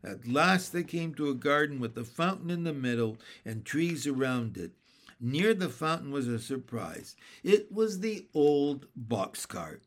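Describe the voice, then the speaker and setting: A man reading a children's book aloud in a steady, clear storytelling manner. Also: mid-range voice, measured pace. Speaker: reader.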